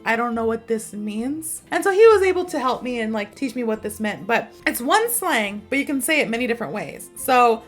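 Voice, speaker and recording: A woman in her thirties teaches slang through a chatty personal story, slipping into the voices of the people she quotes. Her voice sits fairly high. Soft music plays faintly under her talk. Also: brisk, few pauses. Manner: chatty, animated, acts out quotes. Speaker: English teacher. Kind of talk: casual storytelling lesson.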